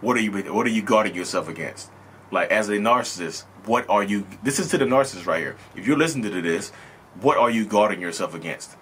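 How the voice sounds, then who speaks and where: A man's voice: lowish voice, lively intonation, brisk, fairly bright tone, slight background noise. A man in his thirties talking casually and earnestly to his viewers, rambling and repeating phrases as he tells his own story. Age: 30s. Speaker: video host sharing his own experience. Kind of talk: casual personal monologue.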